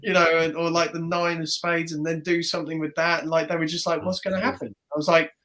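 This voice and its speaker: A guest magician tells a story during casual podcast chat, animatedly acting out the voices of the people in it. His voice sits on the high side and he talks at a quick pace.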